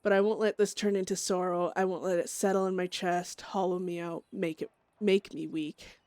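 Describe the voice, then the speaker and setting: A haunted young outlaw woman, voiced by a woman, murmurs her journal in a brooding inner monologue. The voice sits low and the sound is dry and close, and she sinks into whispers. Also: level tone, moderate pace, a little mellow, dry recording, natural voice. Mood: bitter. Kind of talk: reading a character's journal aloud.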